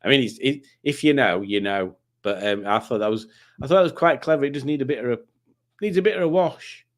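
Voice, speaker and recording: A man's voice: medium pitch, fairly quick. Chatty man reading out comments. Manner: chatty, jokey, reads comments aloud. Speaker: livestream host. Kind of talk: casual chat reading viewer comments.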